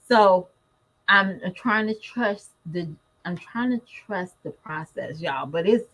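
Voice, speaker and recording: Woman, casual vlogger mom, animated, chatty, speaks straight to her audience. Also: medium pitch, slow, low-quality recording. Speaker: mother vlogger. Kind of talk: casual chat to camera.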